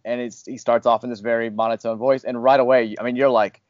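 A man's voice: medium pitch, quick pace, a little mellow, no echo, dull audio. A man hosting a casual podcast, talking candidly and rambling a little, with self-deprecating humor. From Louisville, Kentucky area. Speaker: podcast host, fired radio host.

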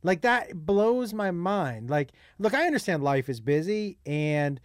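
A man's voice: high voice, sing-song, unhurried, no room sound, studio quality. A man hosting a podcast, joking bluntly and playfully in a casual conversation.

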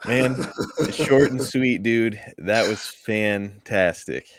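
A man's voice: fairly low pitch, slow, no room sound, clean studio sound. A man in his thirties hosting a podcast, reading ads and chatting in an enthusiastic, informal way. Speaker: podcast host. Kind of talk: ad read and casual podcast chat.

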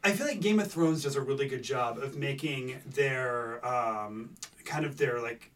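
A man co-hosting a casual podcast chat about tabletop games, rambling with restarts and growing animated when he makes a point. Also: mid-range voice, unhurried, far from the mic. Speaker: podcast co-host.

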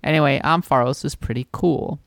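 A man co-hosting a casual podcast chat, talking in a relaxed way with frequent fillers and restarts. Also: fairly high pitch, a little fast, creaky, no echo, clean studio sound. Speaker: podcast co-host.

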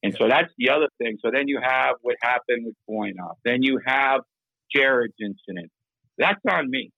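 An older man, a former hockey executive, speaking candidly and haltingly in an interview, often restarting his words. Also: medium pitch, gravelly, dry recording, lo-fi sound. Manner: halting, repeats words, plain-spoken and self-critical. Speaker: interview guest, former hockey general manager. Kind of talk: candid interview over a call-in line.

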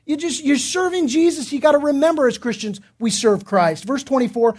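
Animated high-voiced male pastor. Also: fairly quick, few pauses. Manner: animated, acts out voices in anecdotes, repeats words when starting. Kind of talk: sermon with storytelling. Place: church.

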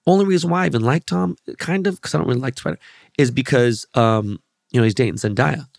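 A man's voice: mid-range voice, fast, vocal fry, no room sound, clean studio sound. A man hosting a podcast, telling rambling, profanity-laced stories in a loose, casual monologue. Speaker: podcast host.

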